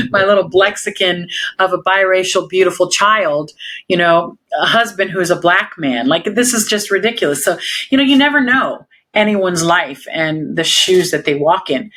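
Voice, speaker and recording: Emphatic woman police officer telling stories. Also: sits low. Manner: emphatic, animated, laughs often. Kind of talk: candid interview storytelling.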